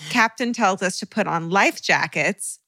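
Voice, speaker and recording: A woman co-hosting a podcast in casual chat, animated and exclamatory as she reacts and reads a listener letter. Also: medium pitch, measured pace, no room sound. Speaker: podcast co-host.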